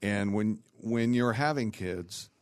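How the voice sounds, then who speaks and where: A man in a relaxed talk chat, reacting to a friend's story and then drifting into loose musings about life. He speaks at an ordinary middle pitch, his thoughts trailing off as he goes. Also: slow. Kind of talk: casual chat.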